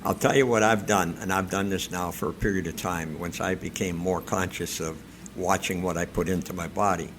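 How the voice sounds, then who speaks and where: A man's voice: low voice, steady tone, fairly quick, noisy background. A man co-hosting a talk radio show, speaking in a plainspoken, opinionated, conversational way. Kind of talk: casual talk radio chat.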